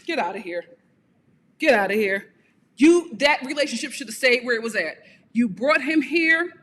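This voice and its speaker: A woman's voice: fairly high pitch, fairly bright tone, in a large hall, a little hiss or hum. A woman giving a blunt, sassy live review of a reality TV show, often laughing.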